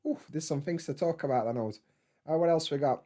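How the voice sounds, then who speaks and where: A man's voice: fairly high pitch, a little fast, mellow. A man, hosting a casual live stream from home, rambling in a laid-back way, swearing freely and answering chat.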